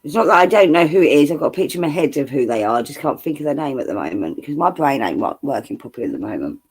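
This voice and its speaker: A man's voice: mid-range voice, sing-song, racing, breathy edge. A man with a southern English accent in casual chat on a stream, jokey and laughing often. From southern England.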